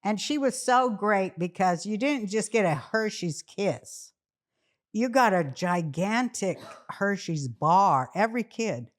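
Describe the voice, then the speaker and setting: A woman guest telling lively stories in casual chat, often breaking into laughter. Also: medium pitch, slow. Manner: animated storytelling, laughs often.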